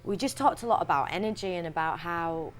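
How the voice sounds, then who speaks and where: A young woman with a Yorkshire accent, chatting in an interview as an actress, talking freely with restarts and quick laughs. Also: fairly low pitch, a little hiss or hum. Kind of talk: casual interview chat.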